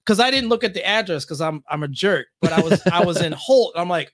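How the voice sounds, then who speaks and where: A middle-aged man from the Lansing area telling stories as a podcast guest. His voice sits high and swings widely, and he acts out other people's lines. The sound is close and dry. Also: brisk, hardly any pauses, no room sound. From Lansing, Michigan area. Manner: lively, acts out quotes with big pitch jumps. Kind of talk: animated storytelling in casual conversation.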